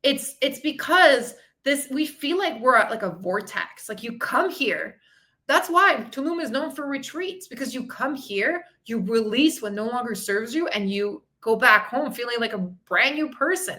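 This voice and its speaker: A woman's voice: fairly high pitch, bright, forceful tone. A woman fitness and mindset coach hosting a live podcast session, chatty and upbeat, talking to viewers and reading their comments. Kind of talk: live-streamed motivational talk.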